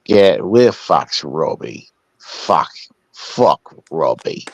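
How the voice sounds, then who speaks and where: A man putting on a drunk, belligerent bloke with a put-on Australian accent, growling and swearing slowly. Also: a bass voice, very animated, breathy edge, no room sound, dull audio, exaggerated voice.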